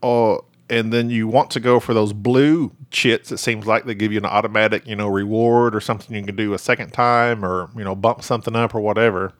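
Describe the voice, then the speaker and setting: A man's voice: on the low side, fairly even intonation, brisk, few pauses, no echo. A man with a Southern US accent co-hosting a casual chat, rambling and laughing often. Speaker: podcast co-host.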